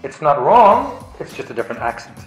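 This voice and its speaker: A man's voice: on the high side, big pitch swings, fairly quick, soft background music. Easygoing Irish man, roomy sound. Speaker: English teacher. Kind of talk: casual chat. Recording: echoey room.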